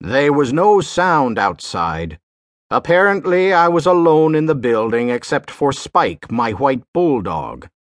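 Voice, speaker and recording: Male narrator, slow folksy sailor-dialect drawl with an animated melody. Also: mid-range voice, no room sound, studio quality. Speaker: audiobook narrator. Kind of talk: scripted audiobook narration.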